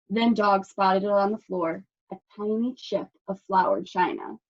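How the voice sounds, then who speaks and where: A woman librarian reading a picture book aloud at children's story time, expressive and asking the children questions, in a dull lo-fi recording. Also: medium pitch, measured pace, hardly any pauses.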